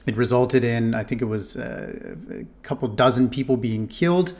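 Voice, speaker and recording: A man's voice: mid-range voice, lively intonation, normal speed, creaky, a little mellow. A man casually commenting on a history video, rambling and correcting himself with many fillers. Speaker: reaction video host.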